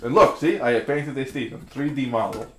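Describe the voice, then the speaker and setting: A man's voice: medium pitch, fairly quick. A young man co-hosting a casual live stream, joking around and reading chat aloud while painting. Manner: animated and jokey, reads chat aloud. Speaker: streamer co-host. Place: studio room being painted. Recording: roomy echo, faint noise.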